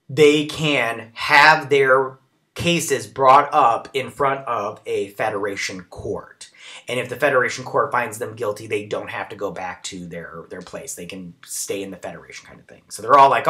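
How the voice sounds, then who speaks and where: A man's voice: mid-range voice, bright, forceful tone. A man hosting a casual episode recap and review, chatty and rambling with lots of fillers. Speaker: show recap host.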